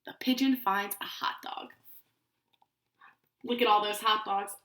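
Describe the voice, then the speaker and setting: A woman pre-K teacher reading a picture book aloud to young children, in an animated way and often asking them questions. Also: medium pitch, unhurried, echoey room.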